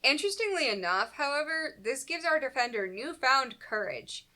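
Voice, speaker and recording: Bright sarcastic woman recapping comics. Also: high voice, big pitch swings, normal speed. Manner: dry, sarcastic asides, laughs often. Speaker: podcast co-host recapping comics. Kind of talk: casual comedic recap, reads summary then riffs.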